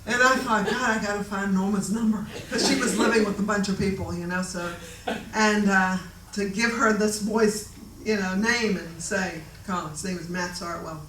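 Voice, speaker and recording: A woman telling a story from her own life in a casual, animated way, often laughing and acting out the voices of the people in it. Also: medium pitch, moderate pace, hardly any pauses, a little hiss or hum. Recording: echoey room, voice a bit distant.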